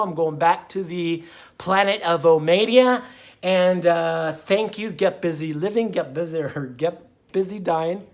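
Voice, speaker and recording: Man, vlog host, rambling casual monologue, folksy, lots of fillers. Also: high-pitched. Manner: folksy and meandering, full of fillers, breaks into song. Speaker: vlogger and diet channel host.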